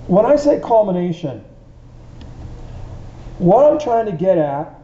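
A man's voice: high-pitched, mellow, slight background noise. A man teaching an informal Bible study in a conversational way, often asking his listeners questions. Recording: dull echoey room recording.

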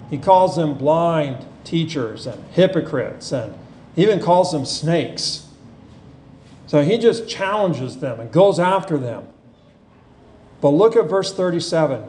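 A man preaching a sermon, earnest and unhurried, reading scripture with feeling. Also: on the high side, darkish tone, slight background noise. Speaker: pastor. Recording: echoey room with faint ambience.

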